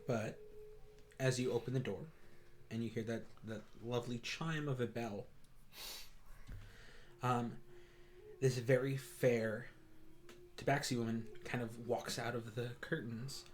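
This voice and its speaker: A man's voice: mid-range voice, steady tone, measured pace, long pauses, slight background noise. A man running a tabletop game as game master, describing scenes at length with frequent hesitations. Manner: descriptive, many fillers and restarts.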